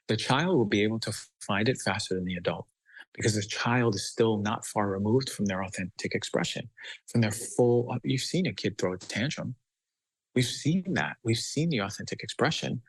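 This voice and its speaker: A man's voice: medium pitch, vocal fry, husky, dry recording, rough recording. A man speaking as a guest doctor on a podcast, talking with passion and force, now and then acting out children's voices. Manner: emphatic, acts out children's voices.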